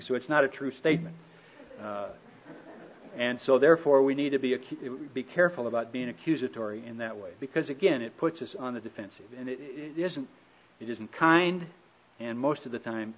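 A middle-aged man giving a relaxed, folksy talk on marriage, telling stories with gentle humor. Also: medium pitch. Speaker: speaker on marriage. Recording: dull lo-fi recording.

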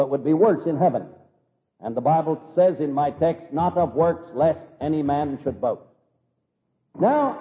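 Preaching a sermon, a man tells animated stories packed with vivid examples, his fairly high voice rising and falling widely. The sound is thin and boxy like a phone line, with a long, echoey hall reverb.

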